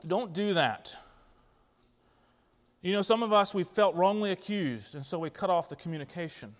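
A man with a high voice preaches to a congregation, earnestly asking the pews for answers. His voice carries through a church hall with a long, trailing reverb. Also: expressive, normal speed. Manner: asks the congregation questions, earnest. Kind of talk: interactive sermon. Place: church sanctuary.

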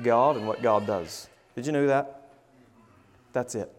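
A man preaching an informal sermon, stammering over restarts and swinging from loud to hushed. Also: mid-range voice, animated, normal speed, in a large hall. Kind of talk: conversational sermon.

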